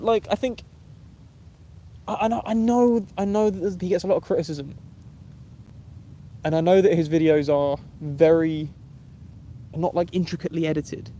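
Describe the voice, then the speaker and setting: A young Englishman talks casually to his live-stream viewers. His voice sits slightly high for a man, and he is loose and chatty, throwing in mate and bro as he answers comments. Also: fairly quick, long pauses, dark tone. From England. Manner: chatty and laid-back, says "mate" and "bro". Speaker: YouTube camping livestreamer.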